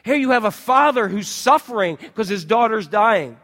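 A man preaching a sermon in a church, conversational and animated, full of rhetorical questions to the congregation. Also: high voice, normal speed, in a large hall. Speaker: pastor. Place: church sanctuary.

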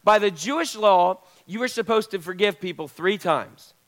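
A man's voice: high voice, moderate pace, a bit bright. A male pastor preaching a sermon in a conversational way, putting questions to the congregation.

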